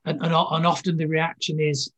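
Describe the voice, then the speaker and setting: A man with a somewhat higher, husky voice hosts a relaxed interview. He speaks thoughtfully and hedges his points. He often ends with tag questions to check that he has understood. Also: brisk. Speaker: host, interviewer. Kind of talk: conversational interview.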